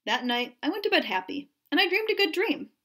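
A woman teacher reading a children's story aloud in an expressive storytelling manner. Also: extremely high pitch, fairly quick.

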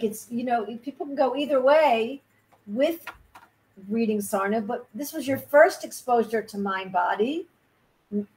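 A woman with a somewhat high voice hosts an interview. She talks in a chatty, easy way and keeps the guest going with quick follow-up questions. The sound comes over a video call. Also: darkish tone, low-quality recording. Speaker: show host. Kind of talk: casual interview.

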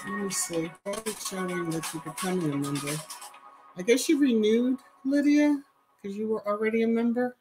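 Over background music and a rough recording, a woman talks at a moderate pace in a mid-range voice. She's hosting a casual YouTube live stream, calling out viewers by name and chatting with emphasis about the live chat.

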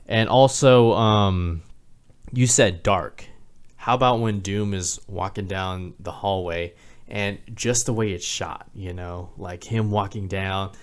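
A man with a deep, smooth and resonant voice chats casually about a film. He hesitates a lot and fills pauses with "uh" and "you know" while recalling scenes. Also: steady tone. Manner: hesitant, many fillers, quotes scenes. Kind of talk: casual podcast chat.

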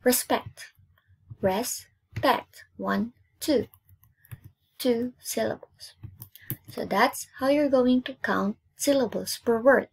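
Teacher, female, from Indonesia: slow, gravelly, drills words and claps out syllables. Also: on the high side, a little mellow. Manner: slow, repeats each word twice and counts out syllables. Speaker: English teacher. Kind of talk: classroom lesson, spelled-out syllables.

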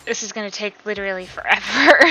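A woman's voice: mid-range voice, fairly quick, pushed and bright, husky. A young woman casually commenting on her game, giggly and self-deprecating as she talks to herself. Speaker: gaming YouTuber. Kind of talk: casual let's-play commentary with dialogue read-alouds. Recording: slightly dull home mic with game music behind.

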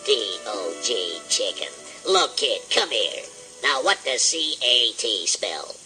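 An actor playing a grumpy, sleepy dog who lectures slowly, in 1950s children's record acting with music behind. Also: male voice, medium pitch, sing-song, bright, forceful tone, exaggerated voice. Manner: slow, grumbling, lecturing.

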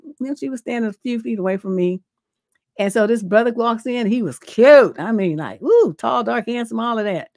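A woman's voice: fairly high pitch, darkish tone, no room sound, studio quality. A middle-aged woman hosting a livestream relationship advice show, blunt and profane, telling stories from her own life.

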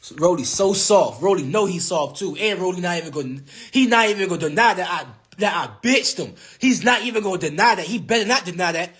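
Talking fast with hardly any pauses, a young boxer trash-talks rivals on a social media live stream from his phone. His high-pitched voice is a bit bright with lively intonation, and he's brash and taunting, repeating himself and laughing mid-sentence.

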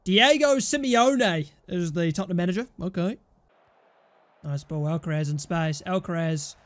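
A young man casually commentating his own football management game, chatting through results and shouting at goals and bad calls. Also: sits high, animated, moderate pace, a little hiss or hum. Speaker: gaming YouTuber.

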